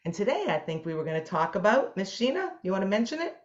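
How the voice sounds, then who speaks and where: A woman co-hosting a casual chat as a mindset coach, talking in a lively, folksy way with big swoops in pitch, over a video call. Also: quick pace. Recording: dull lo-fi video call audio.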